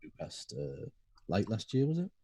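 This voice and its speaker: A man's voice: on the low side, wildly swooping pitch, moderate pace, dark tone, slightly rough. A man, co-hosting a podcast in casual, jokey, sweary banter. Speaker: podcast co-host. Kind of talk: casual chat.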